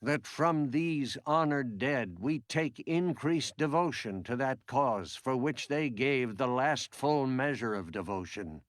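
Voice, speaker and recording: A male reenactor playing a solemn president, reciting a historic memorial speech in a slow, measured, grave manner. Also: medium pitch, lively intonation, no room sound, clean studio sound. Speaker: Lincoln reenactor.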